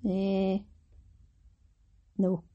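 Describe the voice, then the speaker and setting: A woman's voice: medium pitch, monotone, drawn-out words, dull audio, a little hiss or hum. A woman hosting a casual craft podcast, chatting in a rambling, self-mocking way with fillers. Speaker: podcast host. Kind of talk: casual chat.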